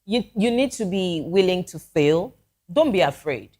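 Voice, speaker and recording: A woman's voice: lowish voice, lively intonation, unhurried, warm tone. A Nigerian woman musician, a talk-show guest giving earnest advice in casual chat. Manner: earnest, advising, with restarts.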